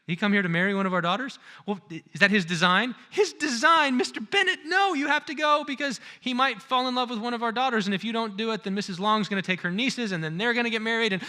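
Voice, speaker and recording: A man voicing an excitable middle-aged mother who pleads in a rushed, insistent way. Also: extremely high pitch, pitched above the performer's own voice, heavily acted.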